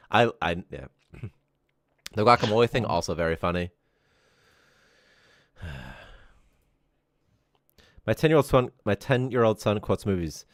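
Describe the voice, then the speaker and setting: A man in his thirties chats loosely on a live stream, spinning rambling stories and breaking into laughter. His voice sits on the lower side, but his pitch leaps about with animated energy. The sound is close and dry, with no room around it. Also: moderate pace, pauses often, dry recording. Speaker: game developer co-hosting a dev stream. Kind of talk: casual chat on a live stream.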